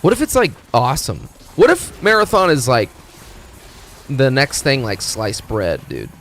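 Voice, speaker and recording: A man's voice: medium pitch, very animated, unhurried, fairly bright tone, a little hiss or hum. Profane, ranting male streamer. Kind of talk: casual stream chat.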